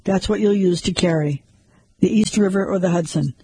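A coolly controlling woman who stays calm and gives firm orders, read by a man. The tone is husky and mellow. The sound is dry and close. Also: high voice, normal speed, no echo, heavily acted.

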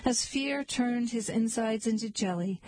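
Woman narrator, fairy tale, mock-earnest, breathy, close dry sound. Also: a little high, measured pace, a little mellow, no echo, poor audio. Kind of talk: storybook narration.

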